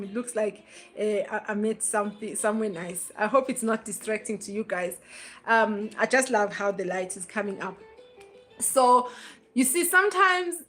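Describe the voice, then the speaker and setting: A woman's voice: fairly high pitch, a bit bright. A woman hosting a live stream, chatting casually and telling a personal story to her viewers.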